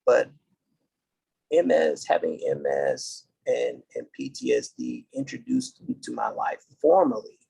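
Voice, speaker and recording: A middle-aged man from the United States, a podcast guest, telling his story in an earnest, halting way and restarting dates as he goes. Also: lowish voice, wildly swooping pitch, gravelly, dark tone, breathy edge, rough recording. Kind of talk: casual interview storytelling.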